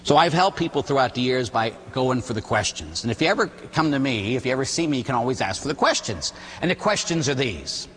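A man who is a priest, giving an animated sermon and acting out quotes, often ending lines with "huh?". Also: medium pitch, fairly quick, hardly any pauses, husky. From Pittsburgh area, USA. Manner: animated storytelling with acted quotes and "huh?" tags. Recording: long hall reverb.

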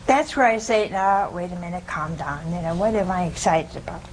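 A woman's voice: lowish voice, moderate pace, a little hiss or hum, rough recording. Chatty woman preaching to a small group. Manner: conversational, quizzes listeners, chuckles often; acts out quoted speech. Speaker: religious teacher. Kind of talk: informal sermon with audience questions.

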